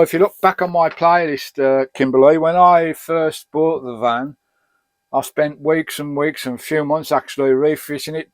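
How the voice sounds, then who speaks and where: A man's voice: medium pitch, a little mellow, no room sound. A middle-aged man from Birmingham with an English accent, answering viewer questions in a chatty, rambling and jokey way. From Birmingham, England. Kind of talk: casual chat.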